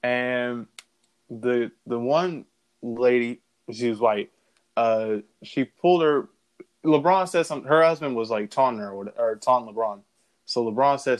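A man's voice: medium pitch, steady tone, normal speed, smooth. Laid-back slangy man chatting. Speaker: podcast co-host. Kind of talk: casual chat.

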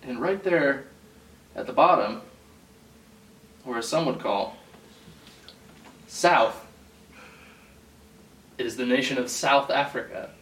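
A man's voice: medium pitch, slow pace, long pauses, a bit bright. A man co-hosting a podcast in casual chat, teasing his partner with dry humor. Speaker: podcast co-host. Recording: roomy sound from a distant mic, faint noise.

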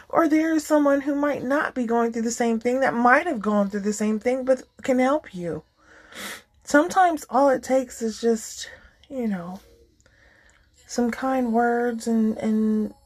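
Slow-talking woman podcast host. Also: fairly high pitch, husky, low-quality recording. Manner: warm, encouraging, rambling with many fillers. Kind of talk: casual heartfelt talk.

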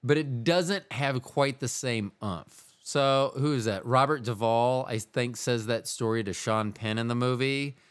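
A man's voice: mid-range voice, measured pace, few pauses, clean tone. A man co-hosting a podcast, chatting casually in a rambling, jokey way that runs off on tangents. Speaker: podcast co-host.

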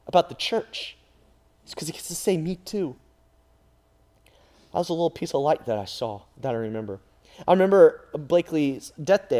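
A man preaching an emotional sermon as a youth pastor, swinging between loud cries and hushed, near-whispered lines. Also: fairly high pitch. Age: adult father.

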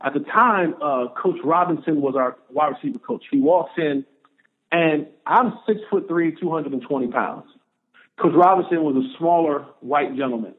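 A man, a former football player, telling a story as a podcast guest, animated and repeating phrases for emphasis. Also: fairly high pitch, moderate pace. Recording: tinny phone-line audio.

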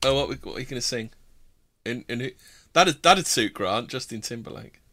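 A man's voice: mid-range voice, animated, moderate pace, pushed and bright, no room sound. A man hosting a casual singalong on a group voice call, joking, swearing and half-singing along. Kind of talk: casual banter and pub singalong. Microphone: home computer mic on a voice call. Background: music playing.

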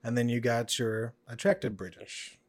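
A man from Oklahoma chatting casually on a podcast, relaxed and slangy. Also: mid-range voice, moderate pace. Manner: laid-back, chill, slangy. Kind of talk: casual banter.

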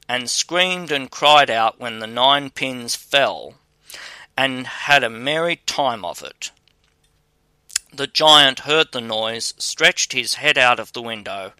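Male narrator for a fairy tale, smooth and bright, recorded close and dry. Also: mid-range voice, no room sound. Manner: measured, even storytelling delivery.

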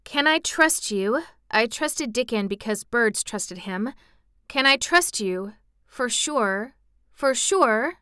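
A frank, insistent little girl from a storybook, put on by a woman reading aloud. She sounds earnest and sour-tempered, with a bright, crystal-clear tone. The voice sits close and dry. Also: mid-range voice, animated, normal speed, no echo. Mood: urgent.

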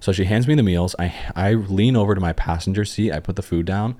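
A young man co-hosting a podcast, telling jokey, excitable stories in casual chat. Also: sits low, a little fast. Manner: animated storyteller, jokey and excitable. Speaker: podcast co-host.

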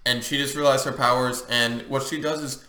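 A man's voice: medium pitch, fairly even intonation, brisk, bright, forceful tone, reverberant. A man co-hosting a casual podcast chat, loose and joking. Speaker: podcast co-host.

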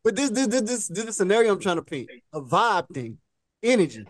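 A man's voice: fairly quick, no echo, clean studio sound. A man co-hosting a podcast, telling a story in casual chat and acting out the people in it. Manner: animated storyteller acting out characters in high voices. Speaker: podcast co-host.

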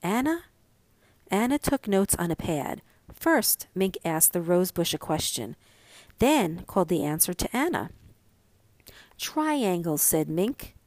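A woman reading a story aloud as narrator, calm and measured. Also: fairly low pitch, no room sound.

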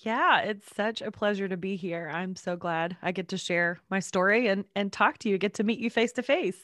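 A woman's voice: mid-range voice, moderate pace, a bit bright, no echo. Stuffy-nosed woman in her 30s from north carolina, chatty guest, dry close mic. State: congested, voice deeper than usual. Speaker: podcast guest. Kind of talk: interview answers.

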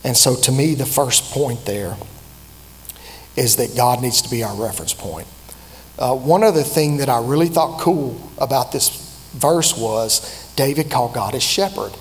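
A man, preaching a sermon in a personal, conversational way that is full of pauses and restarts. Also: mid-range voice, expressive. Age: 50s. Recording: reverberant hall with faint hum.

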